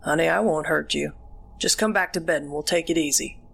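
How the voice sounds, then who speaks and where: A woman voicing a creepy old grandfather in a horror audiobook, speaking low, soft and falsely sweet. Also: a little fast, creaky, slightly rough, exaggerated voice. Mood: sickly sweet.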